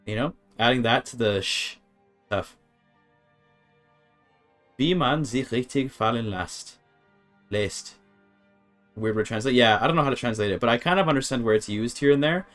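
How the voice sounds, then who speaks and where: Male streamer, mid-pitched, hesitant and musing, faint music in the background. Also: moderate pace, long pauses, a bit bright. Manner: thinking aloud, hesitant, full of restarts. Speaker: streamer learning a language. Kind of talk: casual game-stream commentary.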